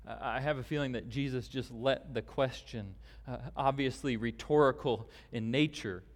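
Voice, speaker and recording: A man preaching a sermon as pastor, deliberate and emphatic, with long pauses. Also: mid-range voice. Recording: long hall reverb.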